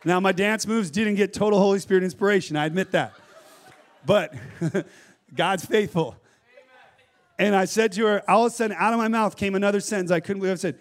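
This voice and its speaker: A middle-aged man preaching with animated energy, laughing as he tells his stories. His voice sits a little higher than most men's. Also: normal speed. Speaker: pastor. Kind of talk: sermon.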